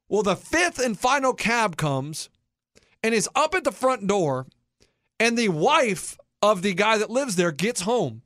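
A man in his thirties with a notably high voice spins a childhood story with lots of energy, jumping into the voices of the people in it. The sound is close and dry, with no room around it. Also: dry recording. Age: 30s. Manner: animated, acts out quoted voices. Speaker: podcast host. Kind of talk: casual storytelling chat.

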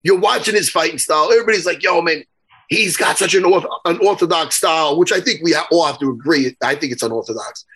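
A man hosting a casual interview, loud, joking and swearing a lot. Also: a little high, fast, breathy edge. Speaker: host.

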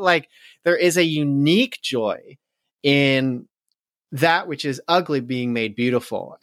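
A man's voice: mid-range voice, fairly bright tone, no echo, studio quality. A man co-hosting a podcast, rambling casually with many fillers and frequent laughter. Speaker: podcast co-host.

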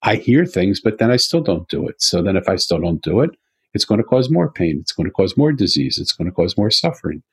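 A man's voice: deep voice, very animated, brisk, breathy edge, no echo. A man speaking earnestly as an interview guest, telling a story with repeated emphatic phrases.

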